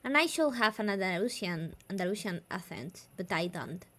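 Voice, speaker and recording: A woman's voice: medium pitch, lively intonation, normal speed, a bit bright. A woman from southern Spain with a Spanish accent, a native Spanish speaker, chatting casually as a streamer, laughing often and switching between English and Spanish. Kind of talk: casual chat.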